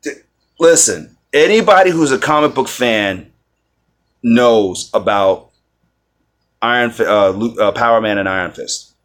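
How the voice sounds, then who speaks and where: Slow, halting low-voiced man. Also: fairly bright tone. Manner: rambling, many restarts and fillers. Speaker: video reviewer. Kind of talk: casual spoken review.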